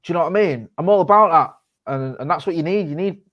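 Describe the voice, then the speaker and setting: A man co-hosts a casual podcast chat, swearing and rambling through animated stories. His voice is on the high side and fast, and the recording has its highs cut off.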